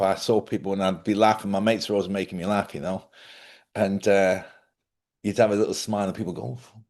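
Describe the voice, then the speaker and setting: A middle-aged man, hosting a casual livestream monologue, a chatty storyteller who laughs often and acts out other people's voices. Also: fairly low pitch. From Ireland. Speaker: livestream host.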